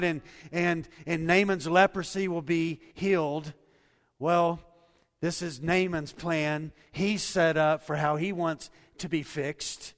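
A male pastor preaching a sermon in a church hall, swinging between soft, low passages and loud, raised ones. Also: clean tone. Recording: long reverb of a large hall.

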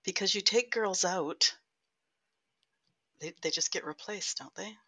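A woman interviewer asking slow, measured questions, heard from farther off the mic. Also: mid-range voice, sharp tone, slightly rough, dry recording.

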